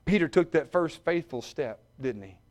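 A man preaching a sermon, dropping to quiet, joking asides and rising to shouted peaks. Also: a little high, expressive, moderate pace. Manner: humorous, self-mocking asides.

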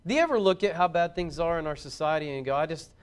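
Fervent preacher man, clear voice. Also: on the high side, expressive, fast. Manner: preaching, builds to loud fervent intensity. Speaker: pastor. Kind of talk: sermon. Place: church.

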